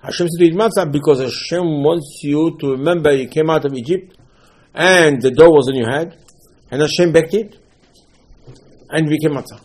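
A man's voice: on the high side, moderate pace, pauses often, poor audio. A man teaching a class on the Passover Seder, telling stories, acting out dialogue and repeating his points. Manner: animated storytelling, acts out dialogue, repeats himself. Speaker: rabbi teaching.

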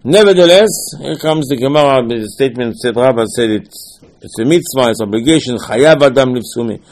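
A man's voice: medium pitch, lively intonation, fairly quick, a little mellow, slight background noise, rough recording. A man giving an informal Torah lesson in a conversational way, with frequent restarts and Hebrew terms mixed into his speech. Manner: conversational, repeats himself, frequent restarts and fillers.

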